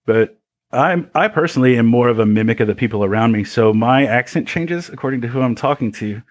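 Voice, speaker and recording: A man's voice: medium pitch, animated, fairly quick. A man who works as an audio engineer, chatting casually on a podcast in a laid-back, teasing way and telling wry stories. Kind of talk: casual chat.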